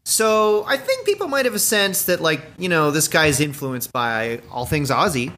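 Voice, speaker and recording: Lively, bright-voiced man riffing jokes. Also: fairly high pitch, moderate pace. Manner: playful, spins out absurd jokes. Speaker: podcast co-host. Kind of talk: casual comedy podcast chat.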